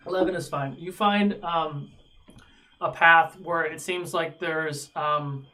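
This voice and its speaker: Halting game master man, slightly high voice. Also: steady tone, sharp tone, rough recording. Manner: halting, many ums and uhs. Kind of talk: narrating a tabletop game.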